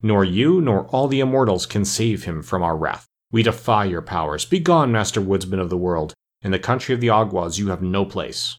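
A man's voice: deep voice, animated, moderate pace, few pauses. A man voicing a furious, defiant king of evil creatures in a storybook reading. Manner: angry, defiant, shouting.

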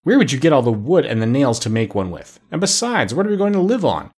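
A man voicing a fussy, bossy female duck housekeeper in a storybook reading, scolding briskly. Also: medium pitch, very animated, darkish tone, husky.

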